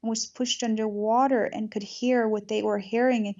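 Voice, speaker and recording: Woman host, low-key gravelly voice, even delivery, earnest chat on dull lo-fi audio. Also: moderate pace. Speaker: podcast host. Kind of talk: casual spiritual conversation.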